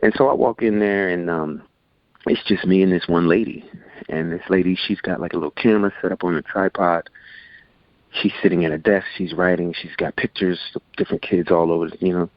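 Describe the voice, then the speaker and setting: Man, 40s, interview guest; deep voice, animated raconteur, dull lo-fi recording. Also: brisk, dry recording. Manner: animated, acts out quotes in voices. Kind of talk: casual storytelling. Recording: dull lo-fi sound.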